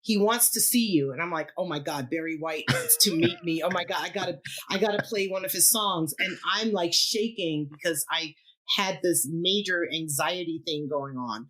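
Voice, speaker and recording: A woman's voice: fairly low pitch, moderate pace. A middle-aged woman, a keyboardist guest on a podcast, telling a story in casual chat, laughing often and acting out what people said. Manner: animated, laughs often, acts out quoted voices.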